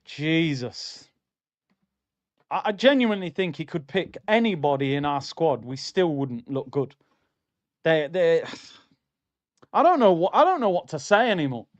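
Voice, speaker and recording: Exasperated ranting man, slightly high voice. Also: sing-song, a little slow, long pauses. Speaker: football watchalong streamer. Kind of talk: live match reaction and reading chat.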